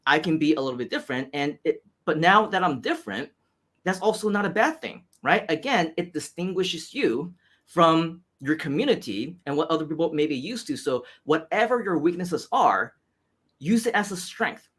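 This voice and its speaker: A man's voice: fairly high pitch, expressive, moderate pace, fairly bright tone, slightly rough. A man with an American accent hosting an interview, talking through motivational points and tagging many lines with "right?". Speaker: host.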